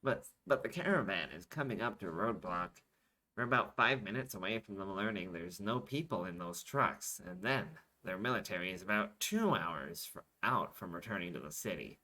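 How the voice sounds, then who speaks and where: A man's voice: low-pitched, expressive, normal speed, sharp tone, heavily acted, rough recording. A man doing an anxious young soldier. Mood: urgent.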